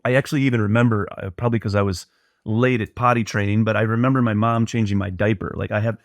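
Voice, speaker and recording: A man's voice: on the low side, fairly even intonation, fast talker, no echo. Earnest man retelling a story, dry sound. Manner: earnest, reflective retelling with frequent restarts. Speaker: podcast guest. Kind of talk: personal storytelling in conversation.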